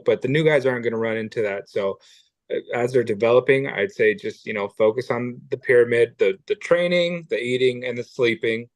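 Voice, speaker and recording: A man talks easily in a casual chat, handing out practical advice. His voice is mid-pitched. The sound is dry, with no room echo. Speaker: armwrestler guest.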